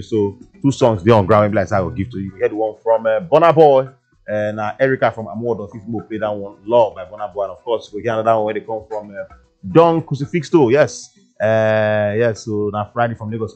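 A man with a low-pitched voice and a Nigerian Pidgin English accent hosts a radio show from a studio. He talks in a chatty, rambling, playful way, full of fillers. Faint music runs behind him. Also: fast talker, darkish tone, highs cut off. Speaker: radio DJ host. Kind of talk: casual radio chat. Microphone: studio mic.

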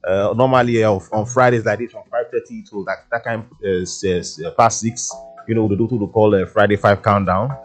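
Chatty Nigerian radio DJ man, low voice. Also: steady tone, fairly quick, soft background music. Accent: Nigerian Pidgin English. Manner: chatty, rambling, playful, with many fillers. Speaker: radio DJ host. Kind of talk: casual radio chat. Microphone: studio mic.

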